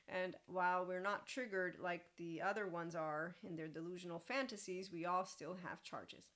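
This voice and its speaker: A woman's voice: on the low side, steady tone, a little fast, fairly bright tone. A woman hosting a casual spiritual self-help monologue, rambling and laughing often as she mimics other voices in quotes. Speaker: host.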